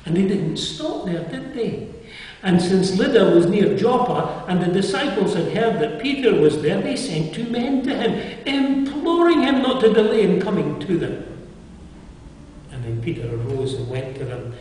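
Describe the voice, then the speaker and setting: A man's voice: sits high, very animated, normal speed, a little mellow. An older man preaching a sermon in a chapel, earnest and conversational, often asking his listeners questions. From England. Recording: echoey chapel heard from far off.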